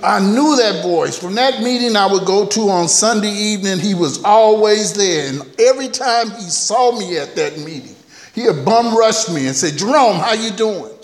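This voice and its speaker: Recovery-meeting speaker, male, candid and folksy, slightly high voice, echoey hall. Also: lively intonation, moderate pace. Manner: candid, humorous, folksy storytelling. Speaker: recovery speaker sharing his story. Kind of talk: storytelling talk at a recovery meeting. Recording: echoey hall, heard from a distance.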